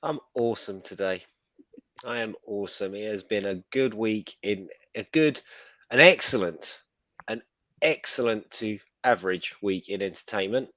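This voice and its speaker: A man chats as a co-host on a relaxed live stream, rambling and poking fun at himself. His voice sits a bit low. The sound is dry and close, with no room echo. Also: moderate pace. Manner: chatty, self-deprecating, rambling. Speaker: author and regular co-host. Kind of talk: casual live-stream chat.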